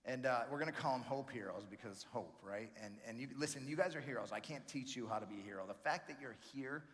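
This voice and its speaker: A man from New York doing energetic, chatty stand-up comedy as a banquet keynote, often calling the crowd friends and man. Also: medium pitch, fast talker. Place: large banquet hall. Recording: live hall reverb with faint room noise.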